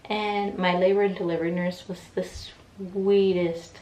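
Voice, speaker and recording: Young woman rambling thru a storytime, lotsa "like" and "you know", lowish voice, far from the mic in a roomy space. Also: little pitch movement, a little slow, mellow. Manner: chatty, many fillers, acts out quoted voices. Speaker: vlogger. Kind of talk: casual storytime. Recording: echoey room, voice from off mic, faint ambience.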